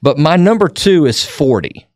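A man hosting a casual talk show, easygoing and quick to laugh. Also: fairly high pitch, expressive, a little mellow, no room sound, clean studio sound. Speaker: host. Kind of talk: casual radio-style chat.

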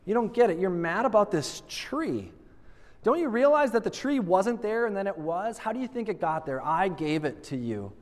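A man voicing a calm, patient male god who asks gentle reproving questions, heard in an echoing hall. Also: high voice, moderate pace. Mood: gently chiding. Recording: long reverb of a large hall.

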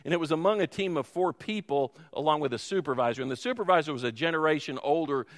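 Pastor preaching in a reverberant hall. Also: male voice, on the high side, quick pace. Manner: storytelling, self-deprecating asides. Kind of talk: sermon. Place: church sanctuary.

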